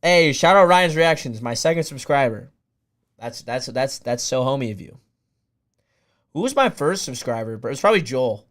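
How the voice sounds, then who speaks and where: A young man hosting a casual live stream. He rambles, answers his chat and sometimes breaks into loud hype cheering. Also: mid-range voice, animated, normal speed. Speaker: streamer hosting a draft watch party.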